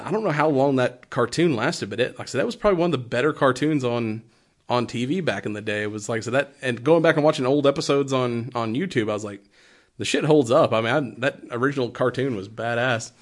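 A man in casual movie talk, loose and profane, breaking into laughter between his points. His voice sits at an ordinary middle pitch, and he talks at an easy, rambling pace.

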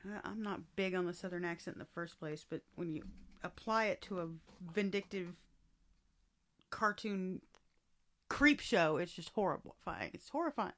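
This podcast co-host keeps things casual, lots of cursing, blunt emphasis throughout. She sounds animated at a moderate pace, her voice sitting on the low side.

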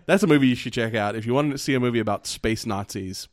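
A man co-hosting a podcast in casual chat, easygoing and halting, often restarting his sentences. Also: medium pitch. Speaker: podcast co-host.

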